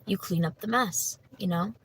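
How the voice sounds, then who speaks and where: Chatty woman tarot reader, bright voice. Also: mid-range voice, normal speed, breathy edge, rough recording. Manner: chatty, many fillers like "you know" and "like"; laughs easily, talks to viewers by name. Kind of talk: livestream tarot reading.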